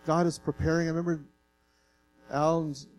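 A man's voice: on the high side, level tone, normal speed, rough recording. Earnest, folksy male pastor preaching. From Canada. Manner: earnest, folksy, emotional, self-deprecating humor. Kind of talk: sermon.

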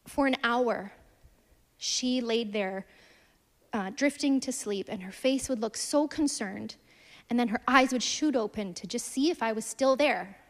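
A woman in her thirties preaching a sermon, earnest and storytelling, swinging from emphatic lines to hushed ones. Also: a little high, unhurried.

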